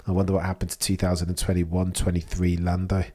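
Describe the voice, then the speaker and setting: A man's voice: sits low, monotone, quick pace, mellow. A young man hosting a live watchalong, talking in a rambling, opinionated way and often restarting his sentences. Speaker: livestream host. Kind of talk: casual live commentary.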